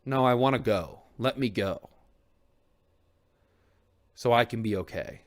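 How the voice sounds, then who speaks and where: A man's voice: medium pitch, measured pace. A young man talking alone on his stream, candid and earnest, rambling with restarts and casual swearing. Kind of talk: reflective solo stream chat.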